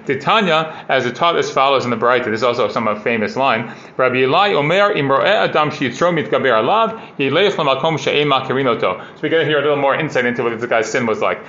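A man's voice: mid-range voice, fast talker, hardly any pauses, bright, forceful tone. A man teaching a casual Talmud class. He reads Aramaic passages, explains them in plain English and fills his talk with "like" and "you know". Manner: conversational, full of "like" and "you know". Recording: dull, roomy recording.

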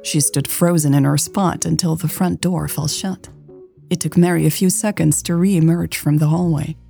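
A woman narrating a romance story in a steady, scripted way. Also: low-pitched, normal speed, creaky, soft background music. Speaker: audiobook narrator.

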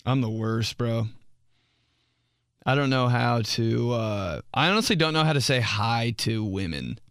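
A man's voice: medium pitch, lively intonation, measured pace, fairly bright tone, clean tone, dry recording, studio quality. A young man on a podcast, rambling through a profane, self-mocking comedy monologue and acting out what he said.

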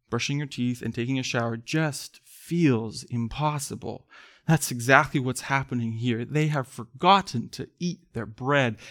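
A man preaching a sermon in church, earnest, swelling to emphatic pleas and then sinking soft. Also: fairly high pitch. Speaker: pastor.

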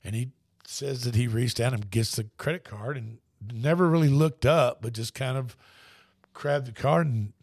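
A man's voice: mid-range voice, moderate pace, a little mellow, dry recording, clean studio sound. A man hosting a sports radio show, telling stories in a rambling, easygoing way. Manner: rambling storyteller with restarts. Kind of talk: casual sports talk.

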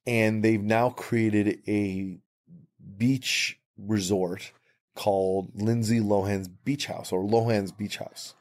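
Opinionated low-voiced man chatting. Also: fairly even intonation, darkish tone. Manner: opinionated, frequent restarts, drawn-out phrasing. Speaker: podcast co-host. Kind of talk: casual chat.

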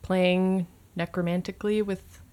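A woman's voice: fairly low pitch, little pitch movement, a little slow, a little mellow. A woman describing her character's actions as a player in a tabletop game, casually and with fillers. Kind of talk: tabletop role-play.

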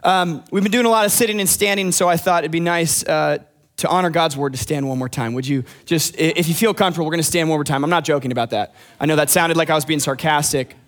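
A man's voice: on the high side, fairly bright tone. Young male youth pastor, joking. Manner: friendly, joking asides to the congregation. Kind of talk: casual sermon.

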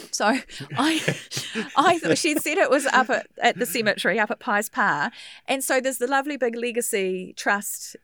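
A woman's voice: on the high side, a bit bright, dry recording. Kiwi woman, 50s, interview guest; chatty storyteller who acts out quotes, dry close mic. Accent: New Zealand. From New Zealand. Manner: chatty, laughs easily, acts out quoted speech. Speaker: guest, funeral celebrant. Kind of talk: casual interview chat.

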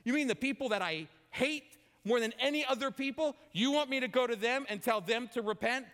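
A man's voice: very high-pitched, a little fast, fairly bright tone, pitched above the performer's own voice. A man voicing an indignant, reluctant male prophet, protesting in an exasperated way. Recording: long hall reverb.

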